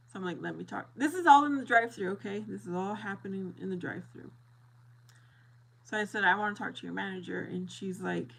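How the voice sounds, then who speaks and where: A middle-aged woman chats casually with her viewers, telling a story with lively, animated delivery and frequent laughter. She plays out both sides of the exchange herself. Her voice is bright and forward, at an ordinary middle pitch. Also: gravelly, rough recording. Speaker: streamer chatting with viewers.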